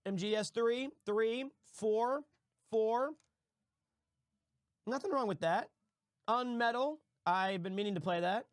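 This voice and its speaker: A man's voice: high voice, slow pace, long pauses, smooth, no room sound, studio quality. A young adult man hosting a stream, chatting casually with profane, joking banter. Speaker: streamer host.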